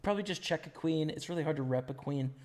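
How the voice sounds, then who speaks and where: A man's voice: fairly high pitch, quick pace, darkish tone. A young man chatting casually with his stream chat and thinking aloud about poker hands, his voice worn from talking. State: losing his voice. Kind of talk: live-stream commentary.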